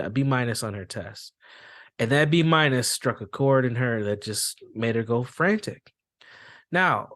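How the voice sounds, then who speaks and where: A man's voice: medium pitch, a bit bright. A man hosting a podcast and working as a school therapist, talking conversationally, telling stories and acting out quoted reactions. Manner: conversational, repeats phrases, acts out quoted reactions. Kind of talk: explanatory podcast talk with anecdotes.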